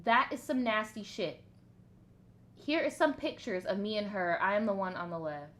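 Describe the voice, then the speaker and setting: Woman host for casual storytime commentary: animated, profane, quick to laugh, with a bright, forceful tone. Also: medium pitch.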